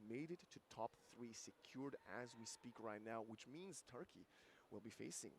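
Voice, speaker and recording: A male esports commentator calling a live match, excitable and rising to near-shouts at big plays, his voice going hoarse. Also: medium pitch, normal speed, a little hiss or hum. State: losing his voice.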